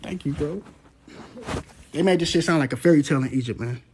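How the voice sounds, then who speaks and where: A man gives animated, profane commentary, breaking into loud, dramatic scripture readings. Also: fairly high pitch, brisk, noisy background.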